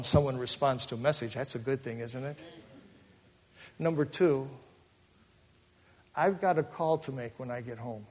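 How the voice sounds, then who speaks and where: A man pastor telling a story in a sermon, acting out the voices of the people in it. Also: medium pitch. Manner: storytelling, acts out quoted voices. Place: church sanctuary. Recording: long hall reverb.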